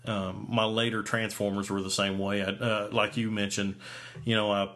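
A man's voice: lowish voice, flat delivery, normal speed, a bit bright. A man in his forties, a podcast host, telling a story in casual chat, rambling with many fillers and restarts. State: hiccups.

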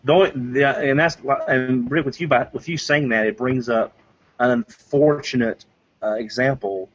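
A man's voice: mid-range voice, normal speed, husky. A man co-hosting a podcast in casual chat, enthusiastic and rambling, often restarting his sentences. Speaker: podcast co-host. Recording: muffled lo-fi audio.

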